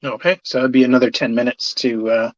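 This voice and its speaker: A game master narrating a tabletop game, hesitant with many pauses and fillers. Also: medium pitch, steady tone, no echo, lo-fi sound.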